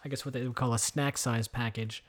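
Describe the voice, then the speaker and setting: This kitchen-based podcast co-host has a mid-range voice with a steady tone and a fairly quick pace. Using a headset mic and headphones, he rambles casually, restarting often and leaning on fillers.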